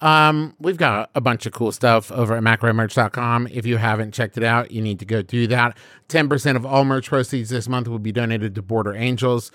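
A man casually reading show announcements as co-host, upbeat and brisk. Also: mid-range voice, fairly bright tone, dry recording, studio quality.

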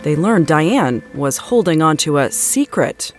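A woman giving measured, dramatic scripted narration for a true-crime program. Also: sits low, sing-song. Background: music.

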